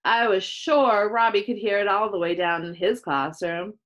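A woman reading a children's chapter book aloud in a slow, expressive storytelling manner. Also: mid-range voice.

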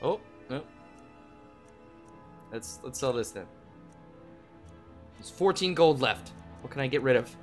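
A young man hosting a game play video, talking to viewers in a goofy way and breaking into loud yelps and yells. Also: mid-range voice, animated, takes it slowly, long pauses. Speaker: gaming channel host. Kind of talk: let's play commentary. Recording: game music playing softly behind.

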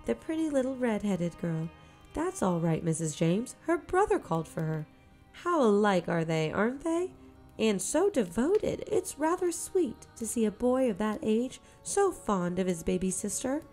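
A woman voicing a young schoolteacher who speaks brightly and chattily. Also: medium pitch, sing-song, unhurried, faint music behind, voice pushed up.

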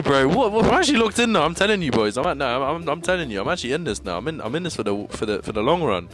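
Excitable young man ranting over gameplay. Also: rapid-fire, few pauses. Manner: excitable, ranting, with sudden high yelps and stammering restarts. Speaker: gaming YouTuber. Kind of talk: casual gameplay commentary.

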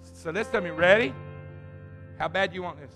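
A man preaching at a youth camp service, loud, coaxing and teasing as he runs games with the crowd. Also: high voice, brisk, soft background music. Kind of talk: lively youth service sermon with audience games.

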